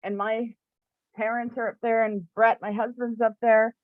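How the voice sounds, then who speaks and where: A woman's voice: on the high side, flat delivery, normal speed, dry recording. A woman from eastern Canada telling a personal story in a chatty way, with many "like" fillers and frequent laughs. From Canada, New Brunswick area. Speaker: spiritual shop owner and teacher. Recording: dry, phone-like narrow sound.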